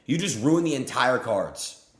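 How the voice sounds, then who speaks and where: A young man live-streaming his gambling, swearing freely and swinging between yelling and muttering. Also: mid-range voice, very animated, unhurried. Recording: roomy echo.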